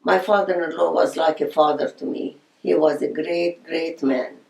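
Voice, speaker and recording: A woman's voice: deep voice, fairly even intonation, normal speed, gravelly, darkish tone. Older woman recalling her life, echoey room. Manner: reminiscing, storytelling with quoted voices. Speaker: interviewee. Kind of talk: oral history interview.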